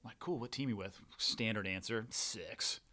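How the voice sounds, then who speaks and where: A man in his thirties tells stories as a podcast guest, steady and matter-of-fact with a dry wit. His voice sits on the low side. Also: measured pace. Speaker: podcast guest, former Navy SEAL. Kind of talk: casual storytelling chat.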